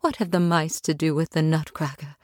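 A woman's voice: deep voice, steady tone, fairly quick, darkish tone, no room sound, studio quality, close to an everyday voice. A woman reading the part of a worried mother who soothes her child.

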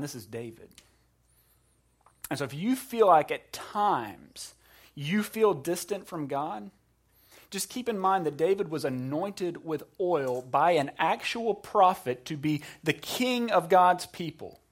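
A male pastor preaching, moving between hushed, pleading passages and raised, urgent cries, with conversational asides to the congregation. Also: a little high. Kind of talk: sermon.

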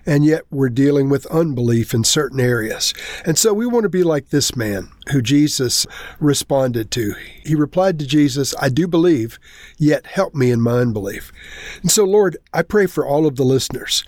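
Male pastor, mid-pitched, earnest sermon delivery with slowed emphasis, dry close sound. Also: lively intonation, darkish tone, no echo.

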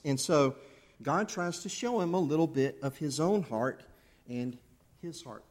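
A man preaching a sermon to his church, animated, acting out angry outbursts along the way. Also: high voice, measured pace. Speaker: pastor. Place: church sanctuary.

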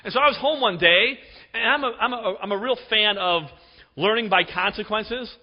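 A middle-aged man preaching a sermon, telling stories with emphasis and dropping to a hush for effect. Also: sits high, moderate pace. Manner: storytelling, emphatic, with dramatic drops to a hush. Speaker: pastor. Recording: dull recording with long hall reverb.

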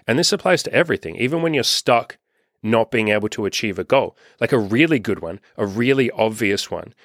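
Guy coaching people, low voice, blunt, swears a lot, acts out what goes on in his head. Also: vocal fry, fairly bright tone, dry recording, studio quality. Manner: frank and profane, acts out his own inner questions. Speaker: life coach. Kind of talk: casual self-help monologue.

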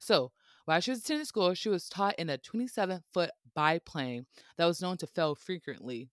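A casual history podcast host narrates in a playful, jokey way, chatting with joking asides and frequent laughter. The voice is mid-range and expressive at a moderate pace, recorded dry and close.

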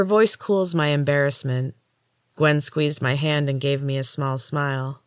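A woman podcast host narrating a first-person story in a measured storybook reading. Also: a bass voice, fairly even intonation, no echo, clean studio sound.

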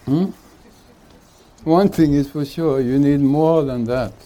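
Slow, mellow-voiced man giving a spiritual talk. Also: fairly high pitch. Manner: unhurried, chuckling between thoughts. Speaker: spiritual teacher. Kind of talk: satsang talk with jokes. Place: retreat hall.

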